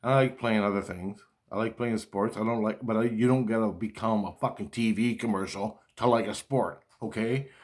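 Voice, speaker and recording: A man's voice: on the low side, steady tone, normal speed, hardly any pauses, darkish tone. Profane, rambling man venting. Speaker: vlogger. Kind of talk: rambling personal monologue.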